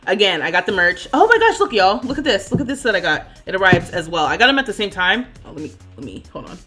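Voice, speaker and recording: A woman in her thirties streams and chats as she plays, with a sharp, bright tone. Her pitch swings widely and she laughs easily while she thinks out loud. Faint music plays underneath. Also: very animated, quick pace. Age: 30s. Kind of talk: casual livestream chat while playing.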